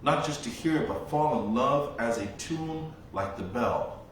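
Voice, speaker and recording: A man giving a dharma talk as a Buddhist monk teacher, telling stories slowly and reflectively with long pauses. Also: medium pitch, animated, fairly bright tone, a little hiss or hum. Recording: very echoey room, voice from far off.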